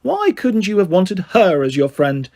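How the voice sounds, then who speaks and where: A man's voice: high-pitched, wildly swooping pitch, unhurried, a little mellow, pitched above the performer's own voice, exaggerated voice. A man voicing a fussy, snobbish middle-aged mother who talks in a prim, simpering way, reading a storybook aloud.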